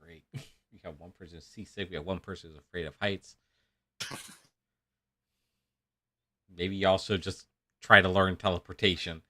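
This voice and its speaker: A man's voice: low voice, fairly even intonation, normal speed, pauses often, bright, forceful tone, dry recording. A man running a tabletop game as game master, laughing often and hesitating with fillers. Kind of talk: narrating a tabletop game over a call.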